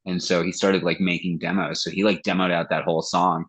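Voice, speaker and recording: A man's voice: deep voice, flat delivery, fairly quick, a bit bright, slightly rough, low-quality recording. A man who sings in a metal band, talking casually as a podcast guest, swearing freely and acting out quoted conversations. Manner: loose and profane, acts out quoted dialogue. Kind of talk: casual interview chat.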